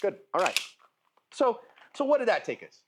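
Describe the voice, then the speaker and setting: A man's voice: high voice, big pitch swings, normal speed, background noise. A man giving casual firearms instruction at a shooting range, talking informally and checking in with his listener. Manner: chatty, informal, asks "right?" and "okay?" often.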